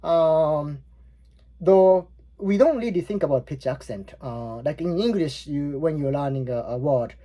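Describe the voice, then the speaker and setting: A man in his forties with a Japanese accent teaches a language lesson casually, rambling with plenty of fillers and restarts. His voice is a little high, expressive, and mellow, and he speaks a little slowly.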